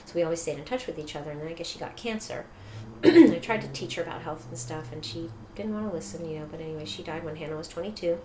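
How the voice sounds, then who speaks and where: A middle-aged woman telling her personal story as an interview guest, animated, laughing often and acting out quoted dialogue. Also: low voice, fast, a crowd in the background. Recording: echoey room with faint noise.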